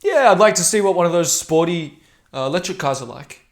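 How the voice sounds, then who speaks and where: A man voicing a plain, unambitious young male coworker who answers in a slow, noncommittal drawl. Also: sits high, expressive. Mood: flat, hesitant.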